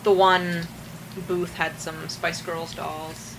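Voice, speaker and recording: A young adult woman in casual chat, tossing off quick, wry and profane quips. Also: lowish voice, little pitch movement, background noise.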